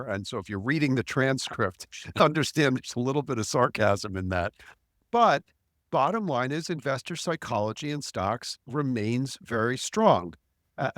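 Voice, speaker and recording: Man, market strategist, blunt, wry, restarts, mid pitch, dry mic. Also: animated, moderate pace, fairly bright tone, no room sound. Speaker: chief strategist. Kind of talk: podcast market discussion.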